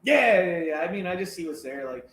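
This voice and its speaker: A man's voice: high-pitched, animated, a little fast, fairly bright tone. A man co-hosting a podcast in casual chat, laid-back and agreeable, laughing easily. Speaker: podcast co-host. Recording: echoey room with faint noise.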